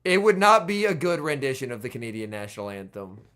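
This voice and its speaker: A man streaming a game and chatting with viewers, his voice hoarse and strained, reacting excitably to the play. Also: mid-range voice, fast. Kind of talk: casual gaming livestream chat.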